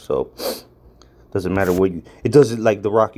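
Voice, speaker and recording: A man's voice: on the low side, normal speed, a little mellow. A man giving a casual, blunt scripture lesson, rambling and repeating words as he leans hard on the words he wants to stress. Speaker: preacher.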